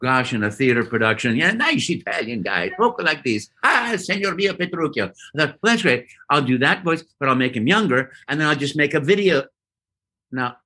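A man guest telling a lively story in an interview and acting out voices and sounds as he goes. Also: mid-range voice, brisk. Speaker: guest voice actor. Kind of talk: animated storytelling.

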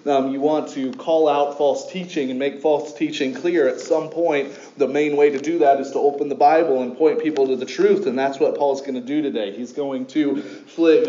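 Casting: male pastor with a mellow voice, conversational sermon, echoey hall on a dull recording. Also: on the high side. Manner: conversational, with many fillers and restarts. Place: church sanctuary.

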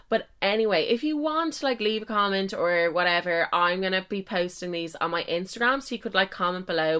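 A woman's voice: lowish voice, a bit bright, clean tone. A young woman hosts her own podcast in a loose, chatty solo monologue. She pokes fun at herself and drops mild swears all through her talk. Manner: chatty, self-mocking, swears mildly. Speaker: podcast host. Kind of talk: casual solo podcast chat.

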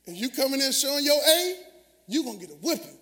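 A man preaches in a large church sanctuary, his voice sitting unusually high for a man. He trades lines with the congregation in a lively, conversational way. Long reverb from the hall trails each phrase. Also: fast talker. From Southern US. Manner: call-and-response preaching, animated and conversational. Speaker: pastor. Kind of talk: sermon.

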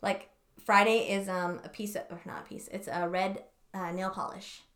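A woman's voice: medium pitch, little pitch movement, moderate pace, a bit bright. A young woman co-hosting a podcast in casual chat, rambling and swearing, often stopping to hunt for words. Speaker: podcast co-host.

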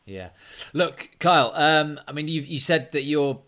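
A man's voice: fairly high pitch, measured pace, fairly bright tone. A man hosting a casual podcast interview, upbeat as he questions his guest. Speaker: podcast host.

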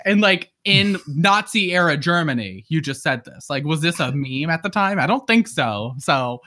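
A man's voice: a little high, expressive, moderate pace, sharp tone. A man co-hosting a podcast, chatting casually and animatedly, swearing freely and acting out quotes. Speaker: podcast co-host. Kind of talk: casual chat.

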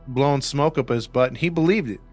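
A man's voice: medium pitch, a little fast. A man talks through a true-crime case in loose, casual podcast style. He rambles with plenty of fillers and slips into quoting the people in the story, while faint music plays underneath. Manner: rambling, lots of fillers, acts out quotes. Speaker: podcast host.

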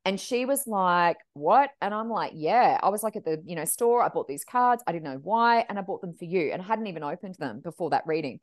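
A woman working as a medium, telling stories as a podcast guest in a lively, expressive way and acting out the voices she quotes. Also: fairly low pitch, fast, hardly any pauses. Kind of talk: animated storytelling chat.

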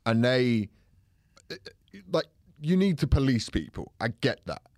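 A man's voice: mid-range voice, a little slow, no echo. A man co-hosting a podcast, ranting and swearing in a casual studio chat. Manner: ranting, swearing, animated storytelling. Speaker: podcast co-host.

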